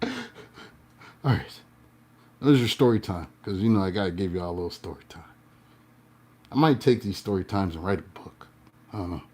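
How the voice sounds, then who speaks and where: A man, a tarot reader and life coach, telling a story to his viewers in a playful way, swinging between loud and hushed and laughing often. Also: sits low, moderate pace, pauses often.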